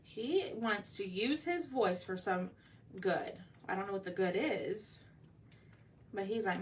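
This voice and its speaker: A woman with a medium-pitched voice talks slowly while hosting a casual live painting session, chatting, thinking aloud as she works, and asking viewers what they think. The mic sits slightly distant, with faint background noise.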